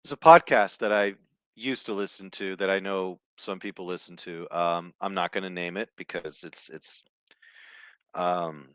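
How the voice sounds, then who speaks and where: A man's voice: low voice, fairly even intonation, moderate pace, a bit bright, dry recording. A man hosting a solo commentary show, ranting bluntly and sarcastically with plenty of swearing. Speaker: host.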